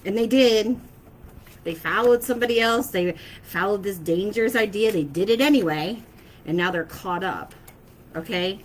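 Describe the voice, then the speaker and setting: A woman's voice: medium pitch, moderate pace, slight background noise, low-quality recording. Hesitant woman giving an intuitive reading. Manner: hesitant, with many fillers and repeated "okay?". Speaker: intuitive reader giving messages to viewers. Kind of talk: casual spoken message to camera.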